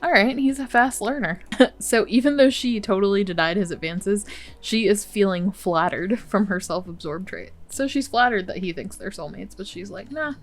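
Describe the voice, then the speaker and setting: A woman's voice: medium pitch, moderate pace, faint music behind. Chatty woman narrating her gameplay. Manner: chatty, exclamatory, laughs often. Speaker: Let's Play host. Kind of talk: casual gameplay commentary.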